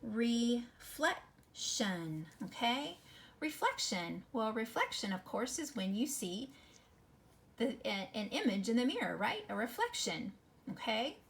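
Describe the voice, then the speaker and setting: A woman teaching a phonics lesson to children, encouraging and sounding words out slowly syllable by syllable. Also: a little high, sing-song, vocal fry. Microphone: recorded video lesson.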